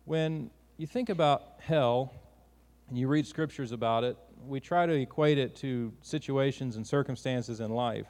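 A male preacher at a mid pitch talks through his sermon earnestly and conversationally, often restarting his sentences. His voice carries a long, lingering hall reverb. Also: unhurried, a little mellow.

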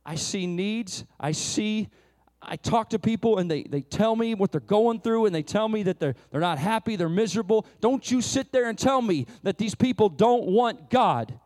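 Male pastor preaching, impassioned, lively pitch, repeats himself as he builds. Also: moderate pace. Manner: impassioned, with frequent restarts and repetitions. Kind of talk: sermon.

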